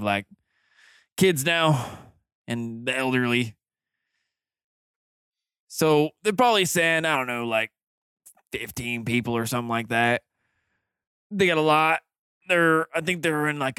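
Man, game master, gravelly, smooth and resonant, dry close mic. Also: medium pitch, a bit bright, dry recording. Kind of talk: voicing an old villager in a tabletop game.

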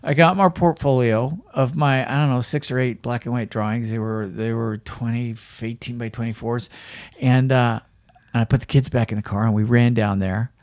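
A man co-hosting a podcast, telling a story in an animated, casual way with lots of fillers and "right?". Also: medium pitch, moderate pace, no echo. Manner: animated, keeps asking "right?", frequent fillers. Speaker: podcast co-host.

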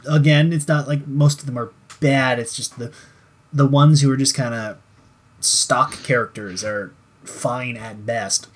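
A young man chatting casually as a podcast co-host, at a middle pitch. He rambles, restarts his sentences and swears freely as he picks apart a show's tropes. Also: steady tone, measured pace, breathy edge. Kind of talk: casual profane chat reviewing a show.

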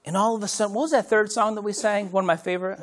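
A middle-aged man preaching a sermon as pastor, swinging from loud, animated bursts to hushed, near-whispered moments. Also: high voice, very fast.

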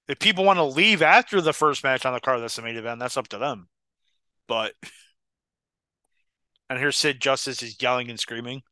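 A man's voice: medium pitch, pushed and bright, no room sound, studio quality. A man co-hosting a casual podcast watchalong, argumentative and joking as he talks over a match. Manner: argumentative, joking, breaks into laughter. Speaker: podcast co-host.

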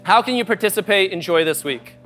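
A pastor preaching in a loose, conversational way, with a voice a little higher than most men's. He pushes some points out loudly and emphatically, then drops to a soft, quiet tone for others. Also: animated, brisk, music in the background. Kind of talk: sermon. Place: church service before a congregation.

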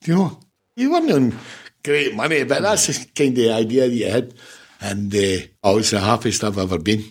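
Old scottish fella, bit raspy, swears a lot telling footy stories, laughing along. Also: male voice, medium pitch, expressive, moderate pace. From Scotland. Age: 70s. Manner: blunt, swears freely, laughs through his stories. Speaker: podcast guest, former football manager. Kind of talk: casual storytelling interview.

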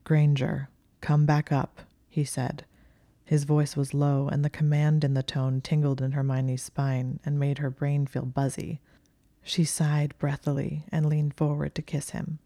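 An audiobook narrator reads fiction in a calm, steady storytelling way. The voice is mellow and level, with little rise or fall. The recording is close and dry. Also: mid-range voice, normal speed, no room sound. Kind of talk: scripted narration of fan fiction.

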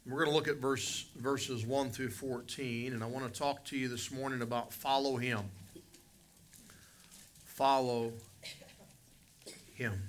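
A male pastor from West Virginia preaches a sermon and tells a story, shifting between quiet, reflective moments and loud, emphatic ones. His voice is medium in pitch, with a bit of background noise in the recording.

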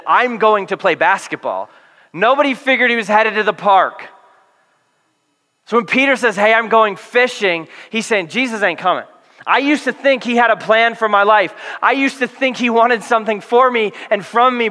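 A man's voice: on the high side, pushed and bright. A man preaching a sermon, telling the story with humor and acting out the quoted lines. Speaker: pastor. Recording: reverberant hall.

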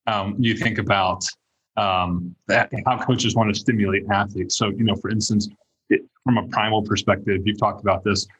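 Man, podcast host, husky, lowish voice, thoughtful. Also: fairly even intonation, moderate pace, fairly bright tone, lo-fi sound. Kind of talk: podcast interview.

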